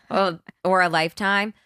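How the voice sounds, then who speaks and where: Smooth-voiced young woman rambling in a story. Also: on the low side, steady tone, pushed and bright, no echo, studio quality. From New Jersey. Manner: rambling storyteller, quick asides. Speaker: podcast host. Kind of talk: casual chat.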